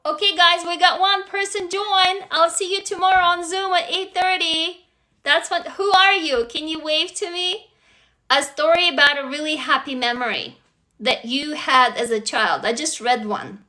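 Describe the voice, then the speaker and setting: A woman's voice: high-pitched, normal speed, bright, forceful tone. A woman hosting a casual livestream, talking straight to her viewers, coaching them through writing prompts and gushing over each new arrival. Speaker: livestream host.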